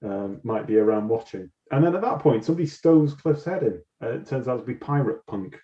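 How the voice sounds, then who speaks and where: A man's voice: medium pitch, brisk. A man co-hosting a podcast, swearing freely while telling a film plot. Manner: swears freely, animated storytelling. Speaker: podcast co-host. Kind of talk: casual chat. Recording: dull roomy recording.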